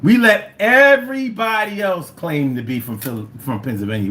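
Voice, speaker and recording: A man's voice: fairly high pitch, moderate pace, hardly any pauses, bright, forceful tone, slight background noise. A man from Philadelphia with a Philly accent, hosting a casual livestream and playfully reading out viewer comments, sometimes singing. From Philadelphia, USA. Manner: playful, riffing and breaking into sing-song chants. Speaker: livestream host.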